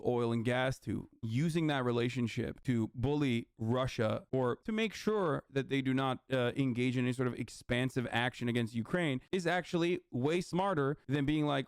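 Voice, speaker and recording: A man's voice: medium pitch, normal speed, few pauses, clean tone, dry recording. A man giving heated, profane political commentary as a streamer, emphatic and sarcastic.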